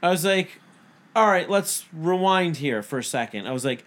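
A man's voice: a little high, moderate pace. A man in his thirties, a podcast co-host, telling a story in casual chat, swearing often and acting out both sides of the dialogue. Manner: profane, animated retelling with quoted dialogue.

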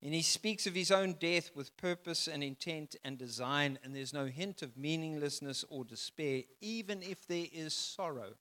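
Emphatic bright-voiced male preacher. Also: fairly high pitch, normal speed, few pauses, big-room sound. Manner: emphatic preaching, rising loud then dropping soft. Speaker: pastor. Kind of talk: sermon.

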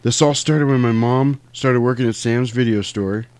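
A man's voice: medium pitch, moderate pace, darkish tone, clear, resonant tone, dry recording, close to an everyday voice. A man voicing an eager young boy who rallies his friends to hunt a vampire. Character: excited kid brother chasing vampires.

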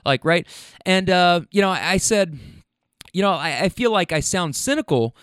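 A man's voice: high-pitched, lively intonation, moderate pace, fairly bright tone, clear, resonant tone, no echo, studio quality. A man hosting a podcast, telling stories casually in a rambling, profane way. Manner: rambling, profane, restarts and fillers. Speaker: podcast host. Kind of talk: casual storytelling.

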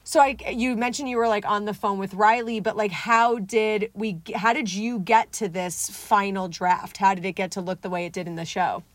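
Warm-hearted gushing host, a woman, middle pitch, dry close recording. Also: normal speed, hardly any pauses, no echo. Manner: gushing, supportive, animated. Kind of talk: casual interview chat.

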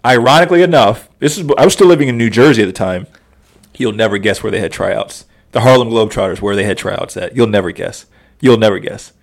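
Laughing, animated man telling stories. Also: fairly low pitch, fast, gravelly. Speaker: podcast guest. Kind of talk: casual storytelling.

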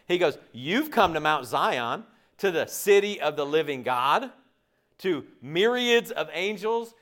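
A man preaching with a fairly high voice. He keeps it casual and conversational, cracking jokes. He often turns to the congregation with questions. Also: unhurried. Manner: lively, conversational, joking with the congregation; asks the audience frequent questions. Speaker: pastor. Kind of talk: sermon.

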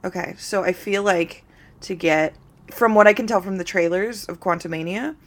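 A woman in loose podcast chat, blunt and quick to swear, getting excited as she talks. Her voice is a little lower than most women's. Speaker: podcast co-host. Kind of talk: casual chat.

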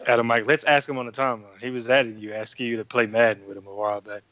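A man co-hosting a podcast in casual banter, quick to needle and correct the others. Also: mid-range voice, little pitch movement, fairly bright tone, dry recording, muffled recording.

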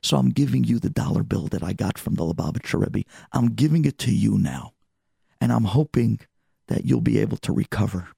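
A man voicing a warm, generous Hasidic man who speaks with emphatic emotion. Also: fairly low pitch, brisk, vocal fry, breathy edge, no room sound, studio quality, heavily acted. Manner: emphatic, excited.

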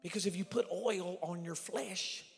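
Gravelly preacher whispering and shouting. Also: male voice, high-pitched, measured pace. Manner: swings from loud shouts to hushed whispers. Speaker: evangelist preacher. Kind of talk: storytelling sermon. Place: church sanctuary with reverb. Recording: live church recording with long reverb and faint music.

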